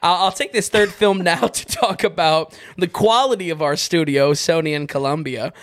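A man co-hosting a podcast, reviewing films in casual chat, wry and quick to laugh at his own stories. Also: a little high, a bit bright, no room sound, clean studio sound. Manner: wry, laughs often while telling stories. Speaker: film reviewer, podcast co-host.

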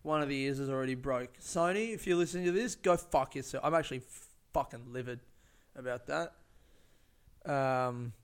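A man's voice: medium pitch, moderate pace, clean tone. A man telling a personal story in a casual monologue, rambling and profane with many fillers and restarts.

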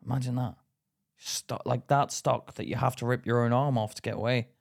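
A man's voice: medium pitch, steady tone, normal speed, gravelly. Jokey British man on a podcast. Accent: British English. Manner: jokey, laughs often, swears, acts out little voices. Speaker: podcast co-host. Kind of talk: casual chat.

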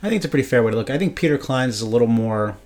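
A man's voice: medium pitch, lively intonation, racing, darkish tone. Rambling, enthusiastic man talking books. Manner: enthusiastic, rambling with frequent "like" and "you know". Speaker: podcast co-host. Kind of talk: casual book discussion.

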